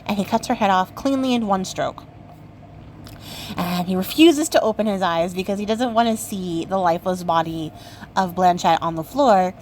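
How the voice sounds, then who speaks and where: A woman's voice: mid-range voice, moderate pace, darkish tone, rough recording. Young woman, craft channel host, casual story retelling, chatty, playful, fillers, faint background noise.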